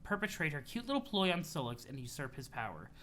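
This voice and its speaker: A man's voice: a little high, big pitch swings, fast, fairly bright tone. A man doing a stiff, haughty troll boy.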